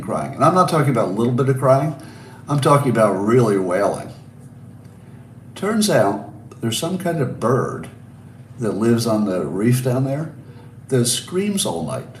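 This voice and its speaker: A man's voice: medium pitch, animated, moderate pace, slight background noise. A man in his sixties hosting a casual solo livestream from a hotel room, telling stories wryly with rhetorical asides. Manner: wry, storytelling with rhetorical asides and restarts. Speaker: podcast host. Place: hotel room with balcony by the ocean. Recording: roomy echo, mic at a distance, faint ambience.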